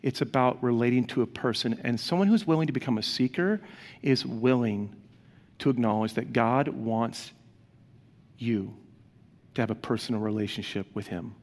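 A man's voice: mid-range voice, moderate pace, a little mellow. A man preaching a sermon as a pastor, speaking earnestly and conversationally to his congregation. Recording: long reverb of a large hall.

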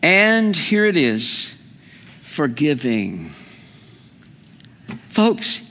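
Male preacher, slightly high voice, slow and humorous sermon delivery, reverberant hall. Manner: animated, humorous, asks the audience questions.

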